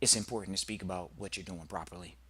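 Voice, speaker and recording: A man's voice: low-pitched, fast talker, bright, forceful tone, breathy edge. A man hosting a podcast, lecturing in an emphatic, repetitive way. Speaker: podcast host, trust educator. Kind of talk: preachy podcast monologue.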